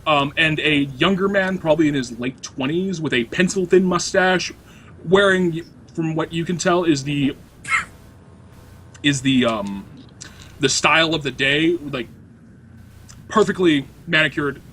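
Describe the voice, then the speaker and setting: A man's voice: a little high, unhurried, pauses often, fairly bright tone, slight background noise. A man narrating a tabletop game as game master, describing scenes in a rambling, hesitant way with many fillers.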